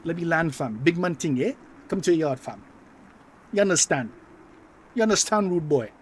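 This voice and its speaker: A swaggering young London street talker, slangy and boastful, put on by a man. The voice sits higher than an everyday one and comes out loud and pushy, as if calling across to someone. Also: lively intonation, moderate pace, slight background noise, close to an everyday voice.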